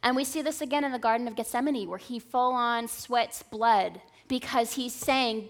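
A woman's voice: on the high side, moderate pace, few pauses. A woman in her thirties preaching a sermon in an earnest, conversational way, often checking in with the listeners. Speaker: speaker at a church service.

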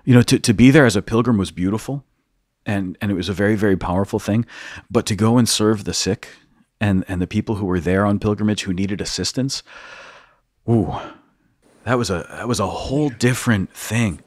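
Low-voiced priest telling a lively story. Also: male voice, brisk, no room sound, studio quality. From United States, East Coast. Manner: animated storyteller, acts out quotes, laughs often. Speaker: priest and podcast host. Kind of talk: storytelling in casual conversation.

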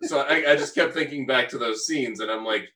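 A man's voice: mid-range voice, fairly quick, bright, forceful tone, distant mic. A man in a casual movie discussion who rambles and restarts his sentences. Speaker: podcast co-host.

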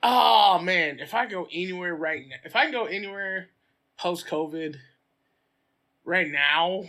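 A high, very bright male voice belongs to an American man chatting on a podcast. He is loud and animated, swearing freely as he piles up stories. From United States. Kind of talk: casual chat.

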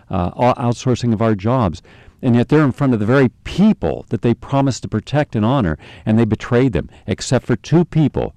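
A man's voice: on the low side, dark tone, dry recording. Angry ranting man, dry close sound. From United States. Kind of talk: impassioned monologue.

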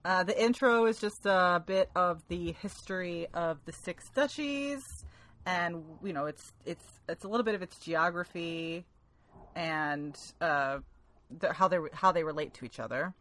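A woman's voice: lowish voice, unhurried, a bit bright. A woman co-hosting a casual podcast about a novel, often laughing and reading passages aloud. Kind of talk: casual book club podcast chat.

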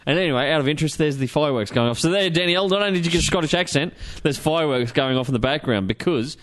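A man's voice: a little high, lively intonation, rapid-fire. An Australian man hosting a casual podcast chat, rattling off movie news and swearing freely. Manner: chatty, swears, reels off news. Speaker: podcast host.

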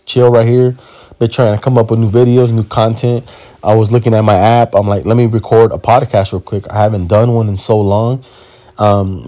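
A man in his thirties hosts a casual podcast from home on his phone, his voice lowish and mellow. A comedian, he rambles, jokes, corrects himself and swears freely, using plenty of slang.

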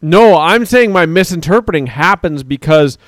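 Candid laughing man, smooth dry voice. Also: a little high, expressive, moderate pace, no echo. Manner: candid, self-reflective, laughs often. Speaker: podcast co-host. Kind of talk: casual chat, reading viewer comments.

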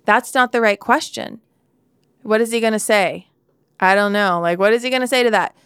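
A woman's voice: medium pitch, moderate pace, a bit bright, clean tone, dry recording. A woman in her forties giving a candid devotional Bible talk, telling a personal story with laughs and asides, into a close studio mic.

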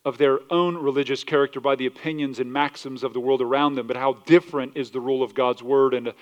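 A man preaching a sermon as pastor, passionate, swinging from loud declarations to quiet asides, quoting scripture and acting out other people's voices, asking the congregation questions. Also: fairly even intonation, fast talker, dull audio. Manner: passionate, rises loud then drops low, acts out quoted voices; asks the congregation questions, southern 'y'all'.

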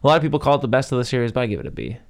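A man's voice: medium pitch, sing-song, racing. A man co-hosting a casual movie review podcast, rambling with plenty of fillers and side notes. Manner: rambling, full of fillers and asides. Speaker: podcast co-host.

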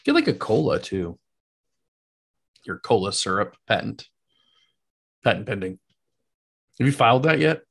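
Casual male co-host, relaxed and profane, filler-heavy chatter about sports and drinks. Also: lowish voice, unhurried, vocal fry, pauses often, husky. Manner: laid-back, profane, uses lots of fillers like "like" and "man". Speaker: podcast co-host. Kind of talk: casual chat about sports and whiskey tasting.

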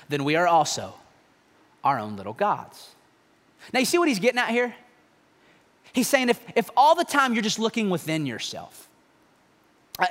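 Lively high-voiced preacher in a reverberant hall. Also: male voice. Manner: animated, conversational preaching with mocking asides. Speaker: pastor. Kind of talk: sermon.

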